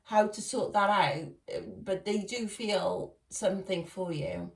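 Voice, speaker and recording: A tarot reader gives a casual reading, chatting with her viewers and laughing often. Her mid-range voice moves slowly with some vocal fry, and she sounds far from the mic in an echoey room.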